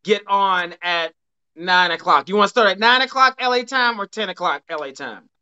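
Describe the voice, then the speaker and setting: High, bright-voiced gay dating coach. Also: male voice, normal speed, clean tone, highs cut off. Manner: chatty and upbeat, with frequent restarts. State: losing his voice. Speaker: dating coach hosting a live show. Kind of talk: casual live-stream chat.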